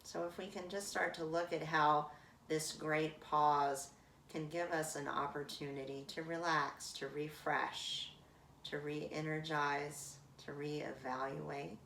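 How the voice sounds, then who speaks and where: Woman, meditation teacher, calm drawn-out phrasing, gravelly voice, distant roomy mic. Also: low-pitched, slight background noise. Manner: slow, calm, drawn-out phrases with long pauses. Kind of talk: guided breathing meditation.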